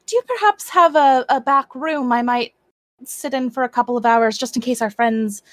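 A woman's voice: fairly high pitch, moderate pace, fairly bright tone, no room sound, close to an everyday voice. A woman voicing a courteous, apologetic red-haired human adventurer. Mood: polite.

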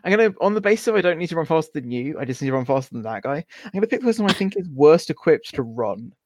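A man's voice: a little high, big pitch swings, racing, background noise. Rambling man running a tabletop game. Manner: rambling, filler-heavy, giggly. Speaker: game master.

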